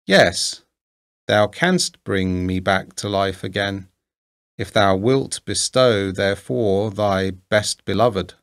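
Faithful servant guy from an old fairy tale, read by a man, grave and formal, low creaky voice. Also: takes it slowly. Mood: solemn. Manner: solemn, formal old-fashioned speech. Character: loyal male servant, solemn and steadfast.

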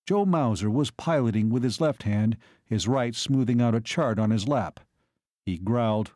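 A man narrating an audiobook in a measured, steady reading voice. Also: mid-range voice, dry recording, studio quality. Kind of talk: scripted narration.

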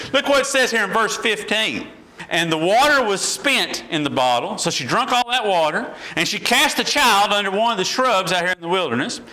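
Bright, high-voiced preaching pastor. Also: male voice, poor audio. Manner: preaching with rising intensity and rhetorical questions. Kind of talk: sermon.

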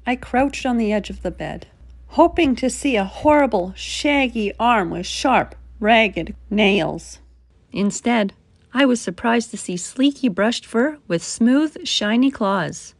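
A woman reading a children's picture book aloud as a storyteller, unhurried and gentle. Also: fairly high pitch, animated, no room sound.

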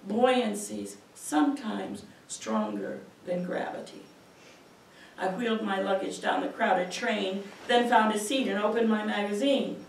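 Slow, high-voiced woman reading poetry. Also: creaky, slight background noise. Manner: measured, expressive reading. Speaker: poet. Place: university auditorium. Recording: echoey auditorium from far off.

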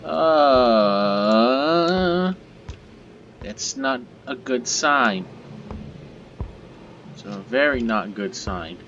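A man narrating a horror game as he plays, nervous and joking, talking to the monster to calm it. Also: mid-range voice, extremely slow, long pauses. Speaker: gaming video creator. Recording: dull lo-fi with loud background noise.

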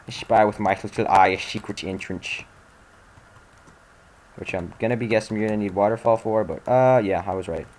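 Frustrated and angry, a young let's-play commentator grumbles and swears through a video game in casual commentary. His voice is fairly low and a little mellow.

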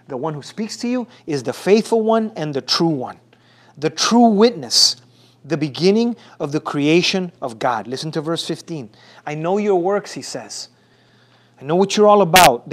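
A pastor with a high, light voice delivers an emphatic sermon. He repeats his phrases and calls for responses from the congregation. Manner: repetitive, emphatic.

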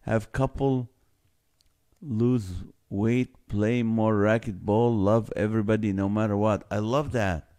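A man's voice: on the low side, mellow. A man hosting a live stream, reading viewer comments aloud and joking, often breaking into laughter. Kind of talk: casual live-stream chat.

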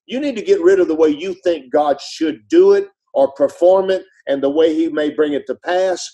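A middle-aged man, a pastor and author, telling stories in an earnest, conversational preaching way, his voice dropping soft and low when he speaks of grief. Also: breathy edge, low-quality recording. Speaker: pastor and author, podcast guest.

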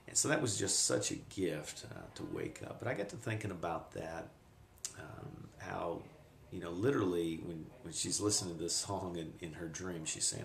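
A middle-aged man giving a reflective personal testimony, speaking haltingly with pauses, recorded on a camcorder in an echoey room. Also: low-pitched, gravelly, slight background noise. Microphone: handheld camcorder.

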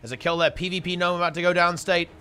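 A man's voice: high-pitched, level tone, quick pace, sharp tone, smooth. A man casting a live online game tournament in a chatty, rambling way, often correcting himself mid-sentence. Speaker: esports tournament commentator. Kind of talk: casual live game commentary.

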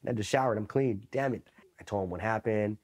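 A man's voice: fairly low pitch, quick pace, a little mellow. A man from East Los Angeles, a Marine veteran, telling stories in a casual, profane interview, loose and full of "you know" and "right?".

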